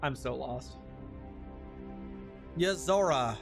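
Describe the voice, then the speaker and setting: Animated high-voiced male streamer. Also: normal speed, soft background music. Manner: animated and chatty, with sudden outbursts. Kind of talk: casual let's-play commentary.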